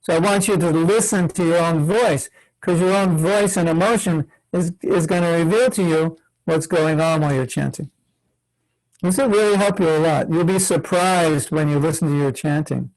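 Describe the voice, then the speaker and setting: A man's voice: a little high, gravelly, a little mellow, rough recording. An older man, a spiritual teacher, leading an online workshop for children, patient and questioning, acting out examples of chanting. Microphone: video call.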